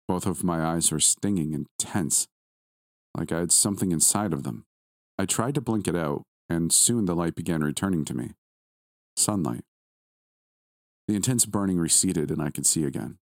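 A man with a very low voice narrates a first-person horror story. He reads in a measured, grave way, letting the tension build. The sound is close and dry, with no room around it. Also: animated, a little mellow, no echo.

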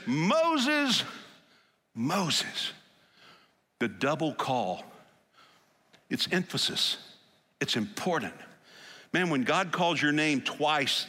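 Brief: male preacher, lively storytelling sermon, acts out scripture lines, ringing hall reverb. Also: fairly high pitch. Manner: animated storytelling, acting out scripture quotes. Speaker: pastor.

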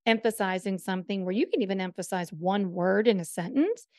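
A woman co-hosting a conversational podcast, with a mid-height voice and a dry, close sound. She talks quickly and with emphasis, often breaking into a laugh. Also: medium pitch, darkish tone, dry recording. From northern US. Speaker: podcast co-host. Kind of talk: casual chat.

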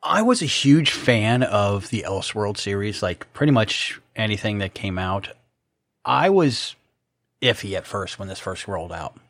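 Brief: middle-aged male co-host, low voice, halting talk, dry video call. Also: animated, fairly bright tone, dry recording. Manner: halting, rambling, many fillers. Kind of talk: casual chat.

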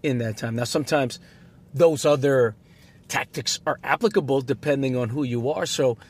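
A man co-hosting a casual podcast conversation, an animated storyteller who acts out the people he quotes. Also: mid-range voice, normal speed. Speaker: podcast co-host, basketball referee.

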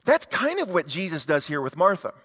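A man preaching a sermon as a pastor, telling stories in an animated way and putting rhetorical questions to the congregation. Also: fairly high pitch, a little fast, slightly rough, big-room sound.

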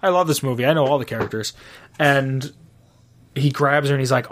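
A young man in casual conversation, excitedly retelling a movie's scenes, full of fillers and swearing. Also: medium pitch, fairly quick, pauses often.

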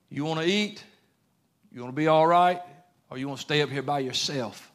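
A man's voice: a little high, normal speed, a bit bright. A man preaching a sermon in an earnest, conversational way, using plain everyday grammar.

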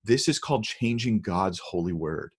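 A husky, low-pitched man speaks animatedly on a podcast, earnestly and emphatically weighing Bible translations in conversation. He reads verses aloud slowly.

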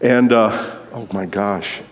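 A man preaching a sermon in a storytelling way, sometimes acting out movie lines with sudden shouts. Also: fairly low pitch, steady tone, slow pace, a little hiss or hum. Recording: long hall reverb.

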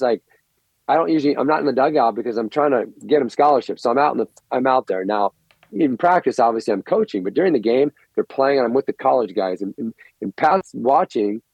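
A middle-aged man, a coaching guest on a podcast, telling stories in an excitable, rambling way and often repeating words. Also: mid-range voice, slightly rough, no echo. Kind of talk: animated storytelling interview. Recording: dull, lo-fi, dry recording.

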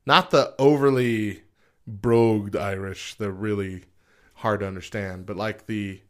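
A man's voice: fairly low pitch, steady tone, unhurried, a bit bright. A man co-hosting a casual podcast chat, reading list items and quotes aloud and laughing often. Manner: chatty, laughs often, reads quotes with lifted energy. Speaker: podcast co-host.

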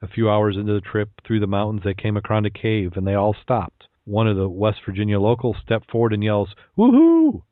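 A man's voice: fairly low pitch, flat delivery, a little fast, hardly any pauses, dry recording. Man host on a tinny phone line. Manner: chatty, laughs easily, repeats words. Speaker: podcast host. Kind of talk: casual chat and joke telling.

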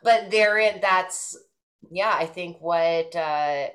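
Woman guest, casual talk; deep for a woman, thoughtful, tails off quietly. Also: takes it slowly. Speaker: podcast co-guest. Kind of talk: casual chat among friends.

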